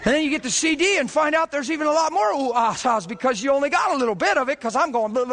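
Impassioned high-voiced male preacher. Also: expressive, long reverb tail. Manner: impassioned, rapid-fire, climbing to near-shouting peaks. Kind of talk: sermon. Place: church.

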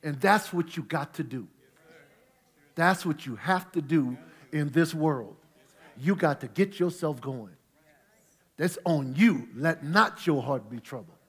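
A middle-aged male pastor preaching, swinging from quiet storytelling to loud, shouted praise. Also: on the high side, animated, slow pace, pauses often, slightly rough. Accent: St. Louis Black American Southern-tinged. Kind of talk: preaching a Bible study sermon. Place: church sanctuary with congregation.

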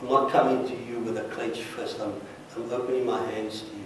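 A man's voice: mid-range voice, little pitch movement, brisk, noisy background. A man leading an altar call as pastor, praying earnestly and repeating short pleading blessings over the congregation. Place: large church sanctuary. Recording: very echoey church from far off.

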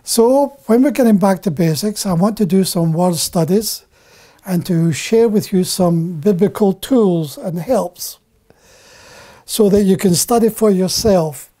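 An older man and preacher giving a slow, deliberate Bible teaching, halting and repeating words for emphasis. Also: high-pitched, mellow.

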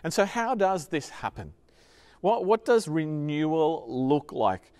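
A man preaching a sermon as pastor, earnestly repeating key phrases and dropping to a soft voice on tender points. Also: on the high side, sing-song, takes it slowly.

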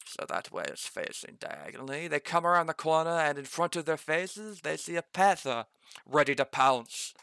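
A man's voice: on the high side, lively intonation, normal speed, gravelly, pushed and bright, clean tone, no echo. A man game master thinking aloud as he builds a dungeon map, muttering corrections to himself and noting he has slipped into an odd accent.

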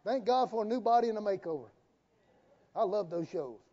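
High-voiced preacher in a reverberant church. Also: male voice, expressive, a little fast, warm tone. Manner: folksy, joking preaching with call-and-response. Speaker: pastor. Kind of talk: sermon. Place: church sanctuary. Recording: dull, reverberant live church stream.

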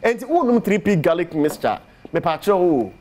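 Persuasive Ghanaian man pitching herbal medicine. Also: very animated, brisk, a little mellow. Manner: persuasive, repeats product pitch. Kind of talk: promotional talk on TV show.

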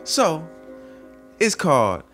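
A man's voice: on the high side, huge pitch swings, slow, over music. A man hosting a podcast, playful and hyping up the segments in casual chat. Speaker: podcast host.

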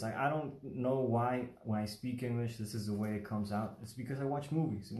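A man's voice: medium pitch, normal speed, few pauses, darkish tone, roomy sound. A man from Mexico teaching paper folding in a casual livestream, rambling and chatty, often checking in with the viewer. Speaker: origami instructor. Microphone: livestream phone or webcam mic.

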